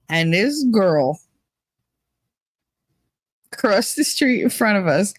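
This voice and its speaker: A woman hosting a podcast, telling a gossipy story in a casual, profane way, laughing often and jumping up in pitch for punchlines. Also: no echo. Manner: animated, jumps up in pitch for punchlines. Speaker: podcast host.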